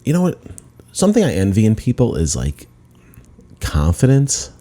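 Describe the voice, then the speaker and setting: A man's voice: lowish voice, wildly swooping pitch, moderate pace, mellow. A man, a comedian hosting his own podcast, telling a rambling, self-deprecating story with lots of restarts. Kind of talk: casual storytelling monologue.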